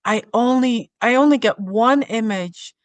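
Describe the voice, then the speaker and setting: Slow, soft-spoken woman telling a story. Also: on the high side, no room sound. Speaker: podcast guest. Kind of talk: reflective personal storytelling.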